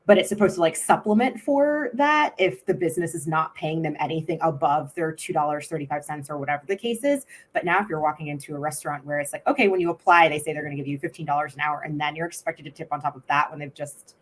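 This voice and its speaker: An American woman talks animatedly in a casual podcast chat, with a voice pitched a touch low. She thinks out loud and explains her point with many asides. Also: quick pace, hardly any pauses. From United States.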